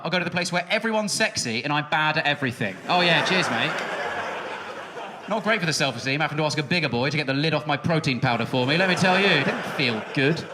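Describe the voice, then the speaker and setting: A man in his thirties doing a stand-up comedy set on a music hall stage, talking in a quick, sardonic way with sudden high outbursts. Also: expressive, background noise. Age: 30s. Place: music hall stage before a live audience.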